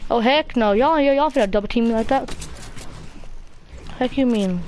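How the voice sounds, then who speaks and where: A woman with a fairly high voice chats casually while gaming beside a kid. She teases, trash-talks and barks rapid repeated commands, her excitement running high. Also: a little hiss or hum. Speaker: gamer playing alongside a child. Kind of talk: casual gameplay chat.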